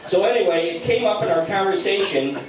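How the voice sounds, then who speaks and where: Older male storyteller, higher-pitched voice, casual anecdote, picked up from across an echoey room by a camera. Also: brisk, a crowd in the background. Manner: chatty, animated, with repeated quoted dialogue. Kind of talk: casual anecdote told to listeners. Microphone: handheld video camera some distance away. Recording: echoey room, distant mic, background noise.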